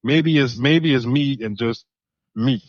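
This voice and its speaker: Man in a fast back-and-forth podcast debate. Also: mid-range voice, no echo. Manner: emphatic, repeats his lead-ins. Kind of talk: casual podcast discussion. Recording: dull, dry recording.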